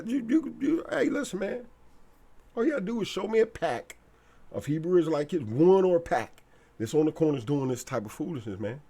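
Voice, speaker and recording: A man's voice: on the high side, warm tone. A man delivering a blunt, repetitive, slangy preachy monologue as a commentator.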